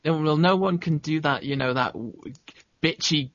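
A man's voice: a little high, a little fast, no room sound. Guy cohosting a podcast, wry asides, dead dry dull sound. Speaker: podcast co-host. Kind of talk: casual chat. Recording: dry, muffled lo-fi audio.

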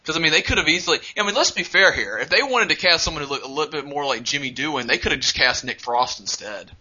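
A man's voice: on the high side, lively intonation, quick pace, pushed and bright, husky. A man co-hosting a podcast in casual chat, rambling and profane, with many restarts. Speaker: podcast co-host. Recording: muffled lo-fi audio.

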